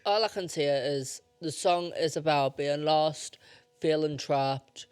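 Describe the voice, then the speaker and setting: A man's voice: on the high side, takes it slowly, smooth, dry recording. A young man hosting his own podcast, rambling and emotional as he talks. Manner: rambling, self-interrupting, emotional. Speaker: podcast host. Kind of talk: casual solo podcast talk.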